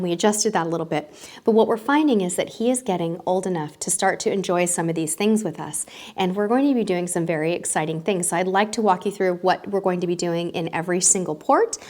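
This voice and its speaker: Upbeat woman in her thirties, medium pitch, casual travel vlog host. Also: a little mellow. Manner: upbeat and chatty, with small self-corrections. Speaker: travel vlogger. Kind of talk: casual vlog talk to camera.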